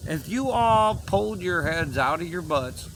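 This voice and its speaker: A man's voice: sits high, lively intonation, measured pace, noisy background. A man delivering an impassioned, rambling personal message to his viewers, earnest and emotional, pleading with them to listen. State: choked up. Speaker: vlogger.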